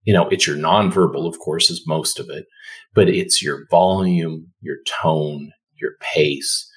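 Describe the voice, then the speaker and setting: A man with a very low voice talks as a podcast guest. He speaks in a calm, soothing and unhurried way, explaining ideas to the host in relaxed conversation. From Canada. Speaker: dentist guest.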